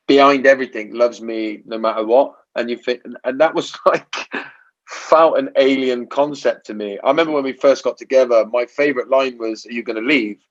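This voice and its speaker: A man's voice: mid-range voice, muffled recording. A man hosting an interview podcast, talking reflectively with frequent restarts and "right?" tag questions. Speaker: podcast host. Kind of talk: casual interview chat.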